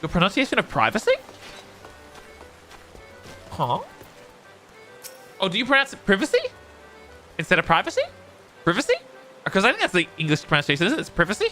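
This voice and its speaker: A man's voice: high voice, big pitch swings, a little fast, long pauses, sharp tone. An Australian man streaming a game, chatty and giggly, rambling as he plays. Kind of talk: casual gaming commentary. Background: game music.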